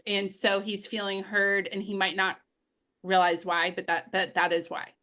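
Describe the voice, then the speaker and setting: A woman coach answers questions in an interview, her voice bright and forward. She tells upbeat stories from her sales calls and laughs now and then as she explains her methods. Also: medium pitch, flat delivery, moderate pace. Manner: storytelling, upbeat, laughs while telling anecdotes.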